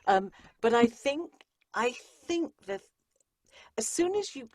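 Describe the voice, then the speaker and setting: A woman speaks slowly with a fairly high, slightly mellow voice and big pitch swings, recorded cleanly in a studio with no room sound. An audiobook narrator and coach, she explains her craft in an interview, emphatically repeating phrases to make her points.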